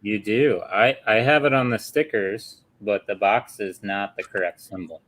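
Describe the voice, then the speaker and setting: A man's voice: fairly low pitch, moderate pace, a bit bright, rough recording. A man chatting casually while building, making short dry jokes and teasing remarks.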